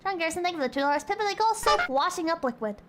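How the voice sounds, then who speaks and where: A woman's voice: very high voice, expressive, very fast, noisy background. A young woman streamer in casual chat, reading out donations, playful and crude and rambling.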